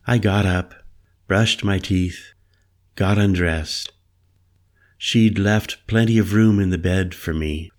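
A man narrating a first-person story in a measured, introspective way. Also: low-pitched, steady tone, a little mellow.

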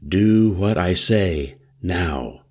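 A man's voice: sits low, expressive, very slow, darkish tone, breathy edge, exaggerated voice. A man voicing a big, lumbering older man who is agitated and gives clipped, urgent orders.

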